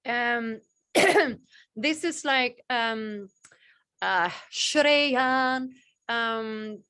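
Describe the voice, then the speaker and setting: Bright high-voiced woman teaching spirituality. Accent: Balinese. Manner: rambling, repeats phrases, acts out short quotes.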